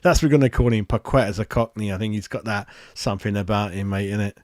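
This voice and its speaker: A man hosting a live fan reaction chat, excitable and matey, greeting viewers by name. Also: lowish voice, fast, no room sound, studio quality. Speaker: fan channel host.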